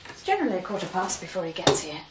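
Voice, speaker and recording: A woman's voice: fairly low pitch, big pitch swings, very fast, very noisy. An actress playing a proper, fussy mother of a young schoolboy, prim and correcting but tender with him. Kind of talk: television drama acting. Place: breakfast table indoors. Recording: loud clatter of dishes and cutlery.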